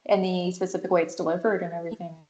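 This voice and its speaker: A woman's voice: lowish voice, little pitch movement, rapid-fire, warm tone, highs cut off. Host: chatty woman interviewer, wanders off on tangents, echoey room sound. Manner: chatty and rambling, jumps between tangents. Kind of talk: casual interview chat. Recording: roomy echo.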